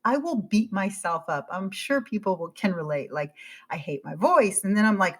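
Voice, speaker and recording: Speaking at a normal speed in a mid-range voice, this forties-aged woman is a guest on a podcast. The interview is casual, and she recounts her story animatedly, voicing her own thoughts as she goes.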